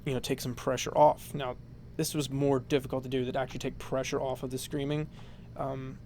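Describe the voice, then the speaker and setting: A man explains a vocal technique in a casual, rambling tutorial, filling it with fillers and "you know." His medium-pitched voice is a little fast, a little mellow and flat in delivery, with slight background noise.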